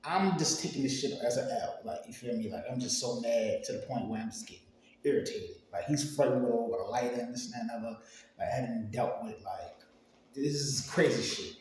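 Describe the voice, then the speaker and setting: A man's voice: mid-range voice, brisk, a little mellow, a little hiss or hum. A young man casually telling a storytime tale in loose, profane slang, acting out the people he quotes. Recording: very echoey room, faint ambience.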